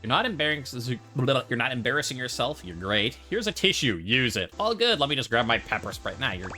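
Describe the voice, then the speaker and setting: Bright, playful man voicing game commentary. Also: medium pitch, very animated, fairly quick. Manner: joking, playful, talks back to characters. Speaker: gameplay commentator. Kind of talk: let's play commentary. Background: faint game music.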